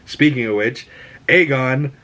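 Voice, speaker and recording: A man's voice: medium pitch, a little slow. Rambling man recapping a TV episode. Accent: Boston. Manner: rambling, animated, lots of fillers. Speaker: host.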